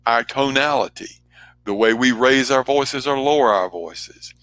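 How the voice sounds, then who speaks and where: A man speaking as a trainer, giving an earnest motivational talk with emphatic, shifting pace and loudness. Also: mid-range voice, unhurried, clear, resonant tone.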